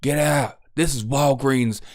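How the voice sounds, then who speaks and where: A man's voice: medium pitch, steady tone, measured pace, a little mellow, lightly acted. A man voicing a mocking caricature of a hostile male store clerk, sneering and taunting as he talks.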